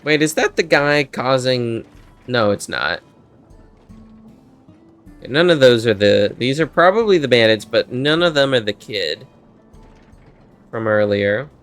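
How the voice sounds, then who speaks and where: A man's voice: mid-range voice, animated, a little slow, long pauses, a bit bright, smooth, soft background music. A man streaming a video game, giving casual joking, offhand commentary.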